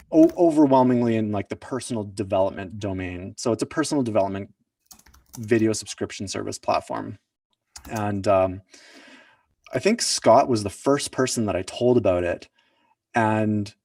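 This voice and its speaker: A man's voice: on the low side, a little mellow, no room sound, studio quality, distant mic. A man, the founder of a project, telling a personal story in an earnest, reflective way, often searching for words. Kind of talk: personal storytelling at an online summit.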